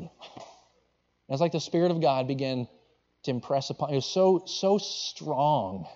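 A male pastor preaching a sermon, telling a story in an animated way and acting out the quotes. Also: fairly high pitch, a little slow, pauses often, dull audio.

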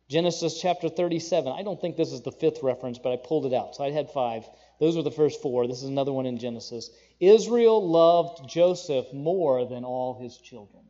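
Mellow animated man preaching. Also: a little high, moderate pace, lo-fi sound. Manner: animated, conversational preaching with asides and jokes. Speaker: pastor. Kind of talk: sermon.

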